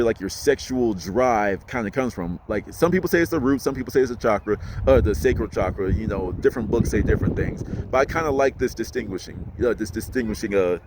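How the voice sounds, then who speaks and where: Guy talking to his camera outside, loose and rambly, lots of likes and ums, bit of traffic behind. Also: mid-range voice. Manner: loose, rambling, heavy with fillers. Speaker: spiritual channel host. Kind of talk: casual talking-to-camera explainer.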